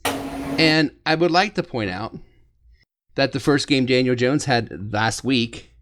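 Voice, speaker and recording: A man hosts a fan-run sports podcast in casual chat, his voice at a middle pitch. He tells stories in an animated way and laughs often. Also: takes it slowly. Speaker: podcast host.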